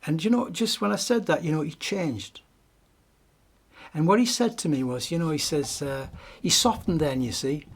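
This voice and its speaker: Gentle middle-aged Geordie man. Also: on the high side, animated, normal speed. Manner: gentle and reflective, with frequent restarts and fillers. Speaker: speaker giving a weekly message. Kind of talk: devotional talk.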